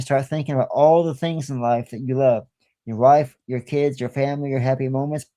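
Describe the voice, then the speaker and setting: A man's voice: medium pitch, mellow. A man guest on a podcast, telling stories in a folksy way, often repeating himself. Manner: folksy storyteller, repeats himself, clears his throat. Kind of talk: casual podcast chat.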